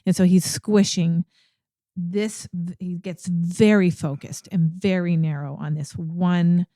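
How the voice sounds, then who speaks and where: A woman's voice: fairly low pitch, fairly even intonation, slow, warm tone, dry recording, clean studio sound. A woman co-hosting a conversational Bible discussion, emphatic and repeating phrases for stress. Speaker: podcast co-host.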